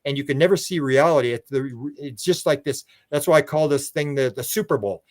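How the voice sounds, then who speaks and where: A man's voice: medium pitch, fairly quick. An older man, a guest in a casual interview, telling long rambling stories and acting out quoted dialogue, with frequent restarts and fillers.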